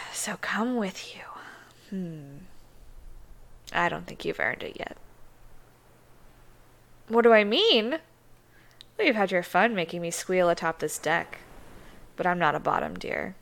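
A seductive, teasing mermaid voiced by a woman in a whispered role-play, breathy and sultry. The voice is bright and edgy with a gravelly fry, and she takes her time over every word. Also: lowish voice, animated, slow, long pauses, heavily acted.

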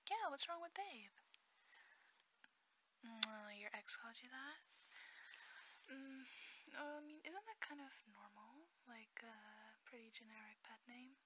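A young woman in a whispered role-play as a girlfriend, playful and teasing, giggling through soft pet-name banter. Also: sits high, lively intonation, a little slow, long pauses, background noise.

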